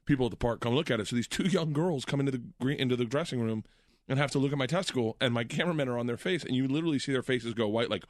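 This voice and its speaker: A man's voice: medium pitch, very fast, no room sound, clean studio sound. A man in his forties telling wild stories in a casual chat, laughing often and acting out what people said. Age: 40s. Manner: animated, laughing storyteller acting out quotes.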